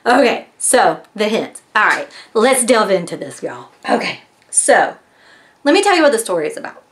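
A woman's voice: mid-range voice, sing-song, moderate pace. A woman chatting casually as she reviews a mystery box, retelling its story with lots of fillers. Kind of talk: casual chat.

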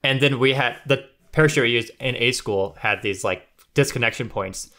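A man's voice: medium pitch, moderate pace, sharp tone. A man talking in casual podcast chat, explaining a procedure plainly. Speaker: podcast guest, rescue swimmer.

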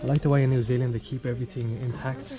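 A man's voice: mid-range voice, level tone, racing, crowd noise. A man hosting a casual travel vlog outdoors, chatty and upbeat, talking to his viewers as he walks along a street. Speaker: travel vlogger. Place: outdoors on a town street with passing traffic.

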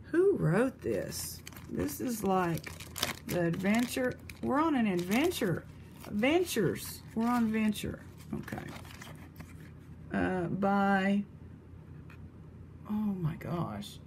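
Woman vlog host, unhurried, chatty, exclaims over finds, faint hum behind. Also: medium pitch, very animated, a little mellow. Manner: chatty, exclamatory, thinking aloud. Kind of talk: casual vlog chat showing thrift finds.

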